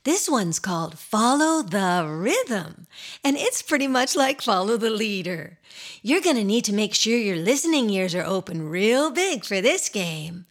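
A woman's voice: mid-range voice, big pitch swings, a little slow. A woman hosting a children's show, talking playfully and encouragingly to young kids in a silly, sing-song way.

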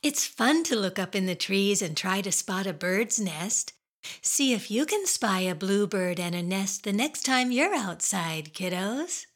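A woman's voice: mid-range voice, expressive, a little slow. A woman hosting a children's radio show, playful and silly as she asks young listeners questions in a sing-song way.

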